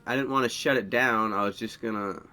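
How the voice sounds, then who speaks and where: A man's voice: lowish voice, brisk, sharp tone, faint music behind. A man giving casual gameplay commentary, rambling and thinking aloud as he plays. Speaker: gameplay streamer.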